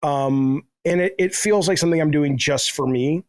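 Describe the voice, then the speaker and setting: A man's voice: a little high, normal speed, darkish tone, no echo. A middle-aged man telling rambling, self-deprecating stories in a casual podcast chat, swearing freely. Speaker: guest, game developer.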